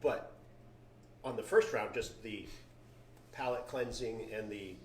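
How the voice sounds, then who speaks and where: A man's voice: on the low side, slow. A man, a winery founder, describing in detail how the food and wine taste during a casual tasting. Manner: descriptive, lingers on flavors. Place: wine cellar. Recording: roomy, distant mic, faint noise.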